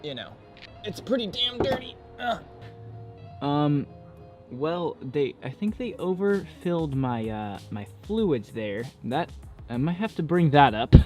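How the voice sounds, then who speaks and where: A man's voice: fairly high pitch, expressive, slow pace, darkish tone, soft background music. A young man vlogging casually outdoors around his car, talking frankly and swearing in exasperation. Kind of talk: casual vlog.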